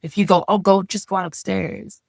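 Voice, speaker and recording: A middle-aged woman telling her story as a podcast guest, frank and earnest, with blunt language and quick restarts. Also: medium pitch, steady tone, gravelly, darkish tone, no room sound, studio quality. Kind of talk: candid conversational storytelling.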